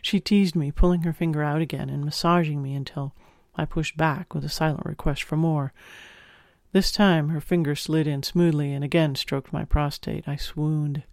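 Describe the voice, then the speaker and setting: Male audiobook narrator, first person, intimate and expressive, gravelly edge, dead-dry close mic. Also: fairly high pitch, moderate pace, dry recording.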